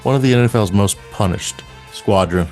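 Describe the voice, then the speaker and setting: A man's voice: on the low side, normal speed, darkish tone, soft background music. A man co-hosting a podcast, chatting casually and joking in a rambling way. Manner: rambling, joking, laughs often. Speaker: podcast co-host. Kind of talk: casual chat.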